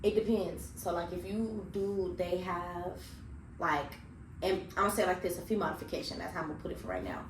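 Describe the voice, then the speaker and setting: A woman's voice: lowish voice, lively intonation, fairly quick. A woman co-hosting a podcast in blunt, reflective casual chat, swearing freely. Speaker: podcast co-host. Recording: echoey room with faint noise.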